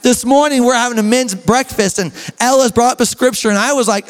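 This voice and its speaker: A young man preaching a sermon as a pastor, with an emphatic, drawn-out delivery, sudden shouts and joking asides. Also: very high voice. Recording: echoey church hall reverb.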